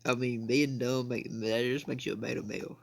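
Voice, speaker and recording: A young gaming channel host from the United States speaks at a medium pitch in a steady, creaky voice and a brisk pace. His gameplay commentary is a casual ramble full of repeated "I mean" and "bro."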